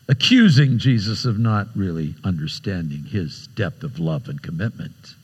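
A man preaching a sermon, retelling a scripture story dramatically with big swings in pitch and loudness. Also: lively intonation, normal speed, few pauses, slightly rough, long reverb tail.

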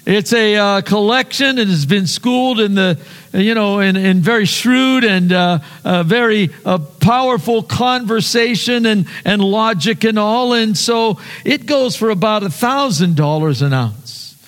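Joke figure: a slick doctor peddling brains, played by a preacher, high voice in a reverberant hall. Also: male voice, a little slow. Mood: salesy. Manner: pushy sales patter, drops to a hush for secrets. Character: fast-talking male doctor selling brains like a salesman.

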